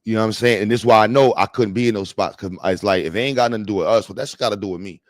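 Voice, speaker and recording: A young man hosting a livestream panel, talking in slang, animated and joking, reading the chat aloud. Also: lowish voice, racing, no room sound. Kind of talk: casual livestream talk. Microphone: streaming mic.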